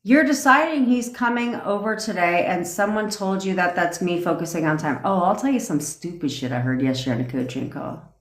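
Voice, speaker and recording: Woman, deep voice, blunt profane livestream rant, echoey room. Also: animated. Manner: blunt, profane, laughing, fast asides. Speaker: manifestation coach.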